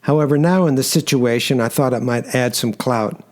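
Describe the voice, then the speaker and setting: Male narrator, mid pitch, measured first-person audiobook read. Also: a little mellow.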